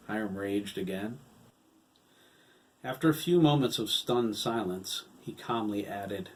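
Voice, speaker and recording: A man narrating his own novel as an audiobook in a steady storytelling read. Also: lowish voice, a little slow, recorded from a distance, low-quality recording. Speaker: author and narrator.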